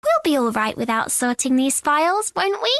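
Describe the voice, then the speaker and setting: A woman voicing a caring young female game operator who speaks softly and coaxingly. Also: sits high, big pitch swings, moderate pace, no room sound, clean studio sound, exaggerated voice.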